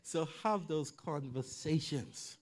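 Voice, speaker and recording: Animated middle-aged male church speaker. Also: fairly high pitch, takes it slowly. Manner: animated storyteller who acts out quoted voices; conversational, keeps checking in with the audience. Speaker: church speaker on family and mental health. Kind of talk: lively sermon-style talk to a congregation.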